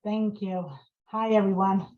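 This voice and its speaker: A middle-aged woman speaking as a guest on a video call, giving a personal testimony in an emotional, earnest way with frequent pauses. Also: mid-range voice, flat delivery, roomy sound. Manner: emotional, earnest, pausing often. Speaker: guest speaker, survivor advocate. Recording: muffled lo-fi video-call audio.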